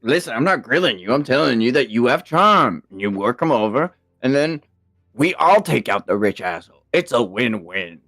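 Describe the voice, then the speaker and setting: Man, tabletop player, rambling, lively, gravelly voice. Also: mid-range voice, moderate pace, dry recording. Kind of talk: in-character tabletop role-play.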